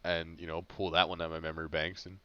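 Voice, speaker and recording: A young man co-hosting a podcast, talking in a rambling, halting way with lots of restarts. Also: low-pitched, flat delivery, pushed and bright, highs cut off. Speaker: podcast co-host. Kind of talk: casual chat.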